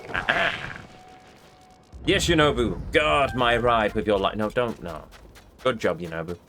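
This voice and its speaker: Man, lively wry game commentary. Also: on the low side, unhurried, noisy background. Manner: rambling, wry, grumbling. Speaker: let's play host. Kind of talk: casual gameplay commentary. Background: game music.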